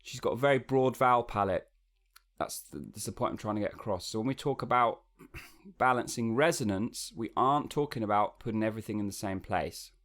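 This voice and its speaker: A man giving a relaxed, conversational singing lesson, explaining as he goes with frequent fillers and restarts. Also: on the low side, fairly quick. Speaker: singing coach.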